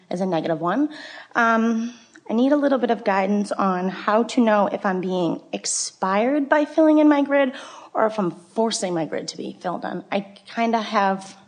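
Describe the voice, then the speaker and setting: A woman from a seminar audience, putting a question to the speaker. She talks nervously and giggles between phrases, and she rambles with "like" and "um" as she searches for words. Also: medium pitch. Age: adult, business owner. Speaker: audience member asking a question.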